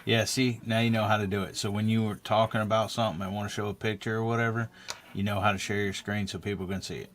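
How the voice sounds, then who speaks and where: A man hosting a live stream, chatting casually, plain-spoken and quick to joke and laugh. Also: on the low side, flat delivery, fairly bright tone. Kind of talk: casual chat.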